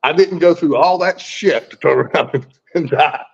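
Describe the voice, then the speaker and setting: Speaking at a moderate pace in a fairly high, creaky voice with a breathy edge, this guest in his sixties recounts a personal story. His style is folksy and blunt, full of swearing and restarted sentences, and the recording sounds muffled and lo-fi.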